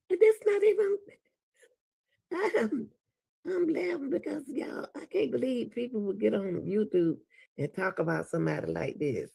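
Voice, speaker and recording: A man with a Southern US accent talks straight to his viewers as he reacts to a clip. His voice is gravelly, and his pitch swings widely as he exclaims and laughs in disbelief. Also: lively intonation, moderate pace, warm tone. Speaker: reaction video host. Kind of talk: casual reaction commentary.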